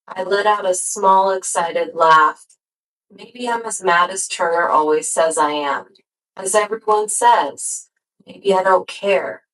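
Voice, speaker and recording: A woman with a lowish voice reads a first-person novel as a steady audiobook, moving slowly and deliberately. She lets each phrase settle before the next in a measured, unhurried delivery, though the audio quality is poor.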